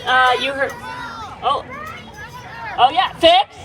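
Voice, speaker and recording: A woman's voice: sits high, takes it slowly. A woman introducing speakers at an outdoor rally, talking casually with fillers and restarts. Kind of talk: informal rally announcements. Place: outdoor rally on a city green. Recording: distant outdoor mic with crowd and street noise.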